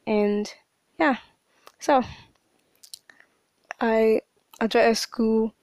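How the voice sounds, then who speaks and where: Teen girl podcaster, kinda high voice, emotional and rambly, dry close sound. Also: steady tone, drawn-out words, darkish tone, no echo. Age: late teens. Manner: emotional, rambling, with frequent restarts. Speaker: podcast host. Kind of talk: personal confessional monologue.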